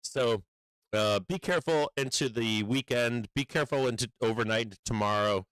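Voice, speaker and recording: A man riffs through casual livestream market commentary, swearing freely and stumbling over fillers as he hammers home his warnings. His pitch sits right in the middle for a man. The sound is dry and close, with no room around it. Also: moderate pace, fairly bright tone, smooth, dry recording, poor audio. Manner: blunt and profane, rambling with many fillers; urgent warning tone. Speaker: stock market streamer.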